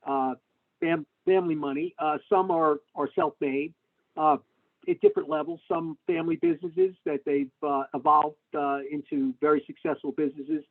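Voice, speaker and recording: A middle-aged man answers interview questions in a gravelly, somewhat high voice, rambling with lots of fillers and restarts. His pitch jumps around a lot. The audio is thin and tinny, as if it came through a video call. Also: normal speed. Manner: animated storytelling with frequent fillers and restarts. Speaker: tax lawyer, interview guest. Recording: tinny phone-like webinar audio.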